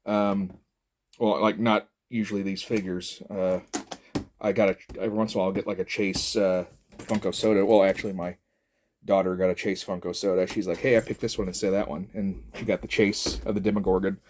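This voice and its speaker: In a deep, level voice that's a little mellow and a little fast, a middle-aged man chats jokily as a toy reviewer. He rambles with lots of fillers, and there's a little hiss or hum in the background.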